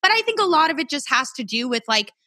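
A woman's voice: sits high, big pitch swings, fast talker, sharp tone, dry recording, studio quality. A woman hosting a podcast, talking in a casual, ranting way and swearing freely. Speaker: podcast host.

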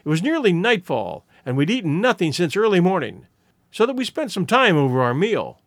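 Man narrating an old mystery, high lively voice, dry close mic. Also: a little fast, no echo. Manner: expressive storytelling. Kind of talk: dramatic audiobook reading.

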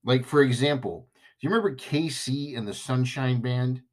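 A man's voice: mid-range voice, moderate pace. A man hosting a podcast, rambling through a jokey, self-mocking comedic monologue. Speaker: podcast host.

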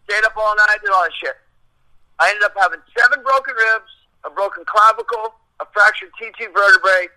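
High, sharp-voiced man telling a story. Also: low-quality recording. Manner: profane, rambling, acts out quotes. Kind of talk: casual storytelling.

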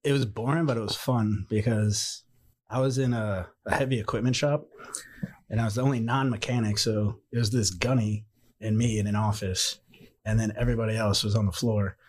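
A man's voice: fairly low pitch, brisk. A young man casually telling a story, acting out the quotes as he goes. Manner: animated anecdotes with acted-out quotes. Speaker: podcast guest, former Marine.

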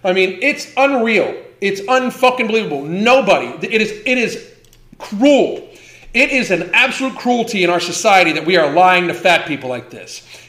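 Man, 50s, host ranting on a livestream: high, bright, swears constantly, repeats himself for emphasis, echoey room. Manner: profane, heated, emphatic repetition.

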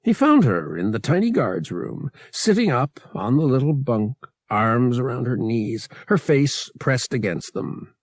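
A man reading a novel aloud as an audiobook narrator, measured and expressive. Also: medium pitch, no room sound, studio quality.

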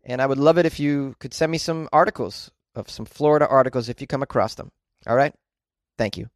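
An American man hosting a comedy podcast, joking and rambling in a loose monologue with lively outbursts. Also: mid-range voice, brisk, heavy background noise. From United States. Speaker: podcast host.

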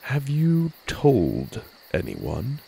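A man voicing a huge, sleepy, gentle giant who speaks low, slow and hushed. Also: wildly swooping pitch, creaky, slightly rough, heavily acted. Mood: hushed, knowing.

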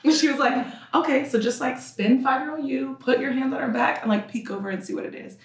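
A woman on a podcast as a guest, telling candid stories in an animated way, acting out the dialogue she quotes and laughing often. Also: a little high, fast. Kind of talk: candid conversational storytelling. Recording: roomy room, distant mic.

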